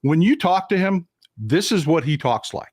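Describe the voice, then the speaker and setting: A man from Texas hosting a casual live-stream chat, talking in a joking, animated way. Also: a little high, moderate pace, dry recording, studio quality. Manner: chatty, joking, animated storytelling. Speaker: host.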